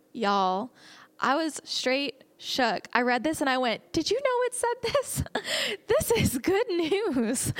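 A young woman delivers a casual sermon in a slightly high voice. She talks in an earnest, conversational way, reading verses and reflecting on them. The sound is dry and close, with little room around it. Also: no echo. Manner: earnest and conversational, slips into excited laughs. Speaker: speaker teaching a Bible message.

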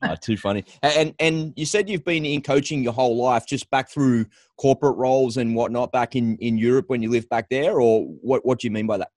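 A man hosting a podcast, upbeat and lively as he reads the intro and chats with his guest. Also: medium pitch, fairly quick, hardly any pauses, no echo, studio quality. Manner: upbeat, lively, promo-style. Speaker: podcast host.

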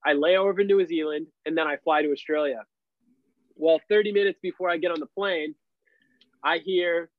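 A man's voice: fairly high pitch, brisk, no room sound. Young man telling a story, lots of "like". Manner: animated, heavy use of "like" fillers. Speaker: podcast guest. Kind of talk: casual storytelling. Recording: dull, lo-fi and dry.

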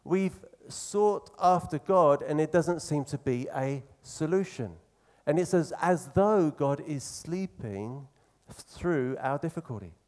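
A man preaching a sermon in an earnest, conversational way, slowing down to stress key phrases. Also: on the high side, lively intonation, a little mellow.

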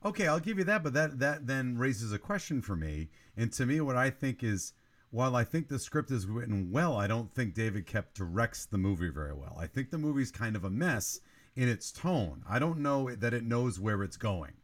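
A man on a film review podcast picks apart a movie in casual chat. His voice rises and falls a lot as he builds his argument in long run-on thoughts. He sits in the middle of the usual male pitch range. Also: very animated, normal speed. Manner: analytical, talks in long run-on critiques.

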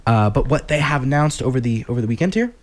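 A man's voice: medium pitch, lively intonation, fast. A young man from New Jersey hosting a late-night college radio show, rambling and joking and correcting himself as he goes. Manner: rambling, self-correcting, jokey.

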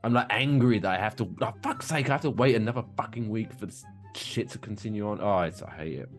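Low-voiced man, voice wearing out. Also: fast, soft background music. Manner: profane, rambling storytelling. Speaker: podcast co-host. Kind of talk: casual chat.

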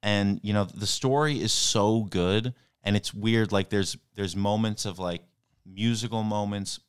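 Male guest, loose rambling talker full of fillers, very deep and resonant. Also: steady tone, a little slow, clear, resonant tone. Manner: rambling, heavy on "like" and "you know". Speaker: podcast guest. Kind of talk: casual chat.

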